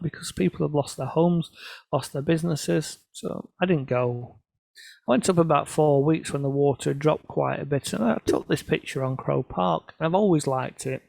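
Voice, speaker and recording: A middle-aged photographer shares self-deprecating stories about his photographs with an audience in a casual, anecdotal talk, mimicking other people's voices when he quotes them. His voice is on the high side, creaky and a little mellow, in a dry recording.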